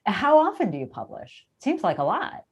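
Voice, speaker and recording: A woman's voice: mid-range voice, huge pitch swings, moderate pace, gravelly, husky, dull audio. A woman from the United States hosting a casual interview chat, chatty and self-deprecating, laughing often. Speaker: podcast host.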